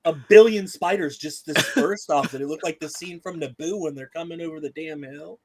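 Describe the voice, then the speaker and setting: A man's voice: a little high, moderate pace. A man telling a wild story in casual chat on a live stream, swearing freely and acting out voices. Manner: animated, swears freely, acts out voices in his stories.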